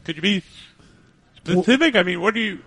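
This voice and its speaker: A man's voice: animated, a little fast, fairly bright tone, no room sound, full character voice. A man voicing a goofy, rambling former football player in a comedy sketch, talking in an odd put-on voice. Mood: baffled. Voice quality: odd put-on voice, high and husky. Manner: rambling, restarts and trailing laughs. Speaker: co-host of a kids' special teams camp.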